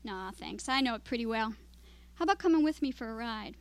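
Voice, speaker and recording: A mild, friendly Midwestern man, unhurried and unaggressive, his words dropping low and soft, as a woman reading a story puts him on. He is nostalgic at heart, with a quiet streak of bitterness. The voice stays fairly high, as it is a woman's voice under the role. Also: lively intonation, clean tone, dry recording. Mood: offhand.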